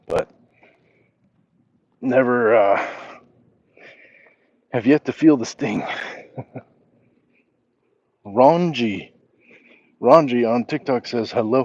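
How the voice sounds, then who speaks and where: A man's voice: medium pitch, darkish tone, muffled recording. A man hosting a casual walk-and-talk livestream, reading chat messages aloud and answering them as he walks. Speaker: livestream host.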